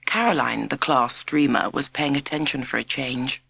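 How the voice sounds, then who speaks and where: A woman reading a children's storybook aloud in an expressive, measured narration. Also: a bass voice, gravelly, husky, dry recording. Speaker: audiobook narrator.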